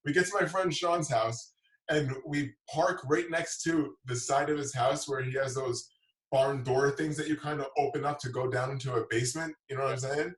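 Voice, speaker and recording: A man's voice: medium pitch, fairly even intonation, moderate pace, recorded from a distance. Rambling, foul-mouthed man, roomy sound. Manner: rambling, profane, repeats words. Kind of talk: casual storytelling chat.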